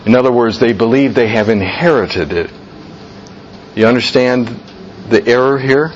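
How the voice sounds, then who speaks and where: A man teaching a Bible class as a pastor, speaking with slow emphasis and putting questions to the group. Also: mid-range voice. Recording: muffled church recording with faint hiss.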